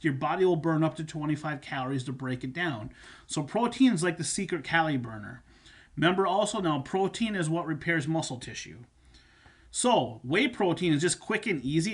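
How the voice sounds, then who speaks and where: A man's voice: a little high, breathy edge. A man coaching viewers on supplements and nutrition, talking casually and repeating his points with fillers. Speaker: fitness coach. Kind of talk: instructional talk on supplements.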